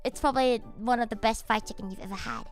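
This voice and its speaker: A young woman streamer chatting casually and excitably, breaking into laughter and swearing freely. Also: a little high, fast talker, soft background music. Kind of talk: casual chat.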